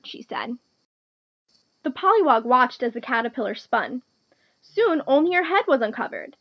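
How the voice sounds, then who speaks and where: A woman reading a picture book aloud to children, clear and gentle like a teacher. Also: high-pitched, sing-song, normal speed, long pauses, no room sound, highs cut off. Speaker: storytime reader.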